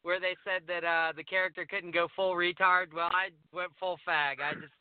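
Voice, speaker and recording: A man with a high voice tells a lively story as a guest on a talk show, laughing often and acting out what people said. He comes through a tinny phone line. The sound is dry. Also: moderate pace, clear, resonant tone, no room sound. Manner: animated storyteller, acts out dialogue, laughs often. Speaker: wrestler guest. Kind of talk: casual phone interview storytelling.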